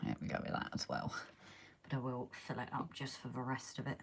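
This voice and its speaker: Hobby live-stream host: a low-pitched woman who chats casually while she works and is losing her voice. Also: little pitch movement, a little fast, vocal fry, a little hiss or hum. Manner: chatty, talks while working, reads out viewer comments. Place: indoors at a model railway layout.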